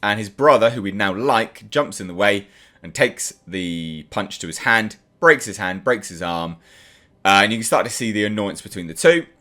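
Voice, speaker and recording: A man's voice: fairly low pitch, animated, normal speed, sharp tone. A man hosting his own channel, giving a casual and enthusiastic spoken review of a TV episode. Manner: enthusiastic, chatty, acts out characters' lines.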